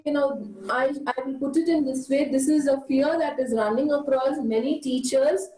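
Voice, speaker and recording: A woman's voice: high-pitched, fairly even intonation, normal speed, mellow. A woman teacher explaining methods step by step on a video call, with an occasional filler. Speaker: guest teacher answering questions. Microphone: computer mic on a video call. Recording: echoey room with faint noise.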